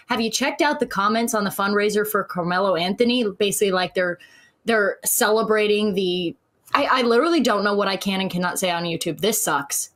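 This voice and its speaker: A woman's voice: medium pitch, brisk. A woman giving opinionated commentary on a panel in a mocking, dismissive way. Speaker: social media commentator.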